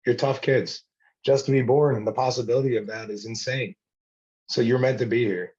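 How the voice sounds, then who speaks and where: A man's voice: medium pitch, steady tone, fairly quick, darkish tone, husky. A man hosting a casual talk show who speaks in an encouraging, emphatic way. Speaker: host. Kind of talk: casual chat. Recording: slightly muffled lo-fi sound.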